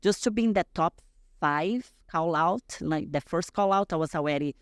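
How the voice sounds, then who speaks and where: A woman's voice: deep voice, normal speed, no room sound. Woman guest on a podcast, chatty storytelling, lots of fillers, dead dry sound. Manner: animated, acts out dialogue, many fillers. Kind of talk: storytelling in casual conversation.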